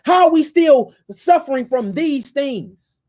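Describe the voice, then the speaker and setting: A man's voice: very high-pitched, expressive, unhurried, darkish tone. A man giving a fiery, impassioned lecture to his viewers, ranting and repeating himself and calling them family. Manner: addresses listeners as family and y'all. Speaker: host.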